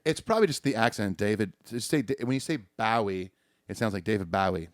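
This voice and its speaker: Low-voiced male podcast co-host. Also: expressive, a little fast, no echo, clean studio sound. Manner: joking, chiming in. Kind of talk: casual chat.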